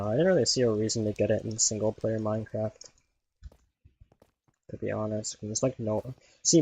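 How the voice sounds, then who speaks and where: Man, gravelly voice, lowish pitch, rambling gameplay commentary, filler-heavy. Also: a little mellow, low-quality recording. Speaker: gaming video creator.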